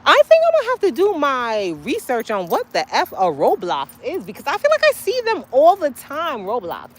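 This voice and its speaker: A woman hosting a casual livestream outdoors by a street, chatting straight to her viewers and breaking into sudden high exclamations. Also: wildly swooping pitch, moderate pace. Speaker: livestream host. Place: outdoors by a street, waiting for a ride.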